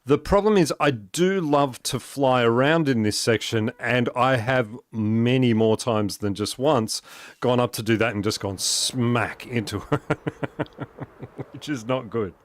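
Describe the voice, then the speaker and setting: A man's voice: mid-range voice, a little slow, no room sound. A man chatting casually on a gaming live stream, rambling with many fillers and restarts and chuckling often as he talks. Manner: chuckles often while talking.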